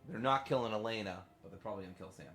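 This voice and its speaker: A man's voice: fairly low pitch, rapid-fire, a bit bright, roomy sound, soft background music. A man giving casual gameplay commentary as a streamer, joking and teasing.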